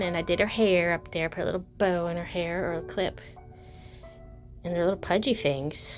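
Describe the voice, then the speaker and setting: A woman talks through a casual show-and-tell vlog, rambling and gushing as she goes. Her voice sits a little low, with fillers and little self-corrections. Faint music plays underneath. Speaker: doll collector vlogger.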